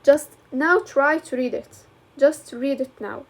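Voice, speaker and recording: A woman teacher walks through a lesson step by step. She talks in a fairly high voice. She moves easily between English and colloquial as she explains. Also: slow. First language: Arabic.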